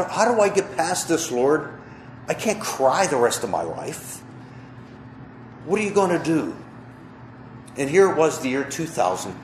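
Middle-aged male preacher, emotional slow testimony, roomy echo with faint noise. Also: on the low side. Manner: slow, emotional storytelling with pauses. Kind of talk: testimony sermon.

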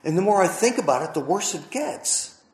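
Middle-aged male preacher, emotional slow testimony, roomy echo with faint noise. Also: high voice, very animated, darkish tone. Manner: slow, emotional storytelling with pauses. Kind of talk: testimony sermon.

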